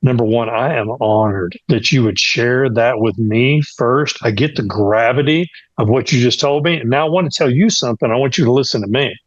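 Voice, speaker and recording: A man retelling a patient, firm male prison ministry volunteer's calm, gently teasing words in his own voice, on a slightly dull recording. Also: mid-range voice, brisk, hardly any pauses, no room sound, natural voice.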